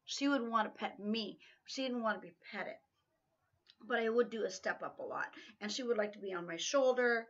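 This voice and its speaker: A woman's voice: fairly high pitch, expressive, moderate pace, a bit bright, muffled recording. A woman vlogger chatting casually at home, gushing over gifts with lots of fillers and restarts. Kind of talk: casual chat. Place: room at home.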